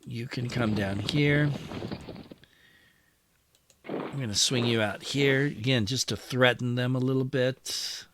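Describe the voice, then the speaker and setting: A man's voice: medium pitch, steady tone, takes it slowly, pauses often, fairly bright tone, a little hiss or hum. A man hosting a strategy game play-through, musing aloud and talking to his units as he moves them. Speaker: wargame channel host.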